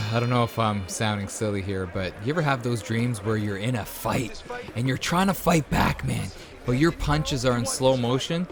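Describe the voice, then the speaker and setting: Crowd noise fills the background as a male host narrates his let's-play at a moderate pace and medium pitch. His commentary is laid-back and excitable, full of cheers at the screen and hushed tones whenever the game turns tense.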